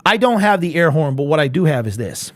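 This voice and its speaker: A young man hosting a casual sports fan live stream, animated and chatty, answering viewers in chat. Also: fairly high pitch, fairly quick, no echo, studio quality. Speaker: host of a fan livestream.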